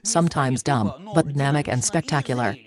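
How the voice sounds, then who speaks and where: A narrator delivers a scripted film review in a dry, sarcastic tone, mocking each scene. The voice sits at a middle pitch, and the phrasing is slightly broken English. Movie sound and a noisy crowd are audible underneath. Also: brisk.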